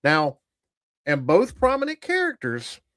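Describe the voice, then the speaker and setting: A man's voice: fairly high pitch, wildly swooping pitch, measured pace, fairly bright tone, no echo, clean studio sound. A man hosting a tabletop gaming channel, giving blunt, profane, rambling commentary to a live chat. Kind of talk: casual livestream commentary.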